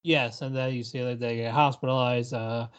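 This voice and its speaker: A man in an easygoing podcast chat, retelling an episode in loose, wandering sentences. His voice sits at an ordinary middle pitch, and he breaks into laughter now and then. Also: little pitch movement, moderate pace, clean tone. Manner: rambling, laughs between lines, acts out characters' lines. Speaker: podcast co-host. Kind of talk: casual chat recapping an anime episode.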